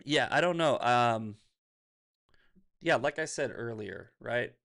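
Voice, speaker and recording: A man hosts a livestream, ranting casually with plenty of profanity, laughing often and reading viewer chat comments aloud. His voice is medium in pitch and slow, with vocal fry and a fairly bright tone.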